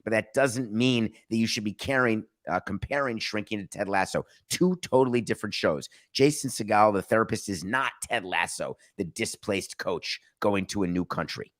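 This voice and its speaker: A man's voice: lowish voice, moderate pace, hardly any pauses, a bit bright. A man hosting a podcast, giving emphatic and sarcastic opinionated sports talk. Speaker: podcast host.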